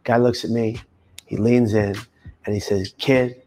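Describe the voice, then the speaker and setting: A man in his thirties telling his own story in an emphatic testimony, rising to loud intense bursts. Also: lowish voice, flat delivery, measured pace, a little hiss or hum. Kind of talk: personal testimony monologue.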